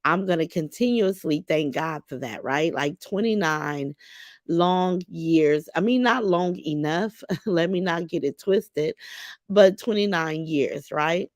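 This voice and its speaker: A middle-aged woman hosting a casual livestream, greeting viewers by name in a warm, chatty way. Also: fairly low pitch, takes it slowly, no echo. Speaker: livestream host.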